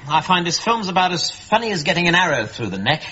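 An actor playing a sardonic, world-weary army captain who makes dry, cutting remarks in a sitcom. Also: male voice, high voice, very animated, fast talker, sharp tone, lo-fi sound, slight background noise, heavily acted. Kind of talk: sitcom acting before an audience.

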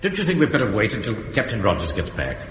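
An actor playing a pompous, self-important middle-aged captain who talks in an officious way. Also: male voice, on the low side, huge pitch swings, fast talker. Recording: dull, roomy sitcom soundtrack with long reverb and loud noise.

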